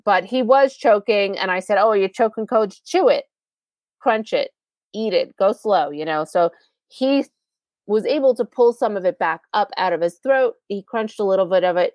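A woman's voice: fairly low pitch, dry recording. A woman hosting a podcast, telling a personal story in a chatty, conversational way with asides to the listener. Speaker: podcast host.

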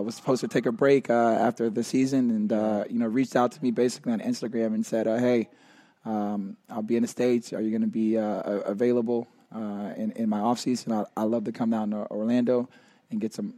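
Relaxed mellow-voiced male guest. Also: on the low side, no echo. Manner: relaxed, with many fillers and restarts. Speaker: guest, retired player and youth coach. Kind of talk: casual interview chat.

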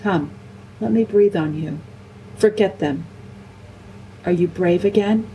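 A majestic great lion, as a woman reader puts him on, slow and solemn in every word. He sounds commanding and grave. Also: medium pitch, highs cut off, slight background noise.

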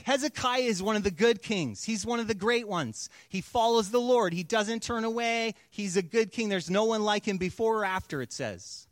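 A man's voice: sits high, normal speed, few pauses, no echo, clean studio sound. A man preaching a sermon, telling stories in a conversational, casual way. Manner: conversational storytelling. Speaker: pastor.

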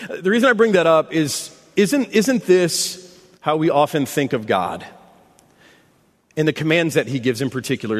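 Pastor preaching in an echoing hall. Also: male voice, mid-range voice. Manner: conversational and self-deprecating storyteller. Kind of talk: sermon. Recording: long echo of a large hall.

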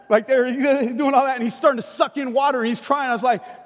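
High-voiced man preaching in a hall. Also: fast talker, few pauses. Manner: storytelling, animated and conversational. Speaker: pastor. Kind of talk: sermon. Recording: long hall reverb.

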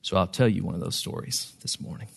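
A man's voice: deep voice, fast talker, creaky, husky, long reverb tail. A man preaching a sermon, telling a story in a conversational way with frequent ums and restarts. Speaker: pastor.

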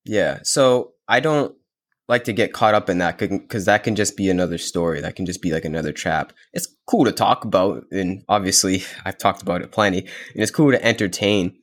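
Laid-back male guest, low-pitched, relaxed spiritual chat, gropes for words. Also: fairly quick. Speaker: podcast guest. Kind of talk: casual spiritual conversation.

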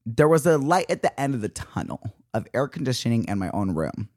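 A young man hosting a solo podcast, telling a story in a dramatic, exasperated rant with sudden jumps in pitch. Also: big pitch swings, a little fast, darkish tone, no room sound, clean studio sound. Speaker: podcast host.

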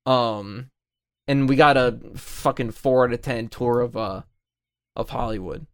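Co-host, mid-pitched, blunt sarcastic complainer, profane. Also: measured pace. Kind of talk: casual chat.

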